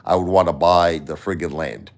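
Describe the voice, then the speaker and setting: A middle-aged Brooklyn man, a musician hosting a casual livestream, rambles bluntly through stories and swears freely in his Brooklyn accent. He has a deep voice and a moderate pace.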